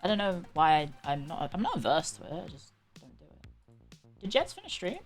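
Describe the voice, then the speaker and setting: A woman's voice: lowish voice, sing-song, normal speed, faint music behind. A woman with a British accent, livestreaming and chatting casually in a sarcastic, bantering, rambling way. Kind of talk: casual chat.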